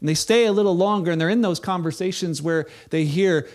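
A man preaching a sermon, telling the story in a casual, animated way and acting out the people in it. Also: high voice, normal speed. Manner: animated storytelling, acts out quoted voices. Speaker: pastor.

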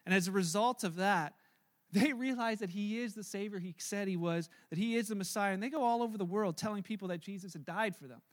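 A male pastor preaching a sermon, telling the story in a lively way that slows and softens at solemn moments. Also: high-pitched. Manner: animated, then slow and hushed.

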